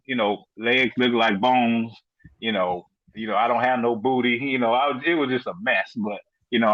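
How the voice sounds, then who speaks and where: A middle-aged man with a medium-pitched voice tells his story as a podcast guest in a casual, animated way. He fills it with "you know" and acted-out quotes. The audio is dull, with no echo.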